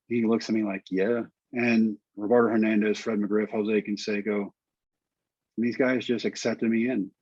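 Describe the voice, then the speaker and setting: A middle-aged man with a husky, slightly low voice tells his story as an interview guest, bringing it alive by quoting people in little voices. The sound is dry and muffled, a bit lo-fi. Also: little pitch movement, unhurried, darkish tone, no room sound. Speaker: guest, former pitcher.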